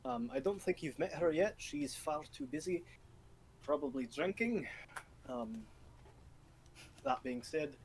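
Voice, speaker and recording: A man's voice: on the high side, expressive, a little slow, pauses often, a little hiss or hum, low-quality recording. A man voicing a weary middle-aged convoy leader who is a devoted father, speaking in a dry, matter-of-fact way.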